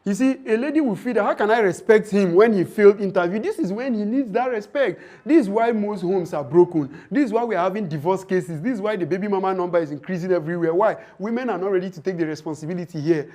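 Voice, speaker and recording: A man with a high-pitched voice lectures on relationships in a training session. He speaks emphatically and preachily, and he acts out the lines of husbands and wives as he goes. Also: quick pace, hardly any pauses, warm tone. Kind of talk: training talk to women.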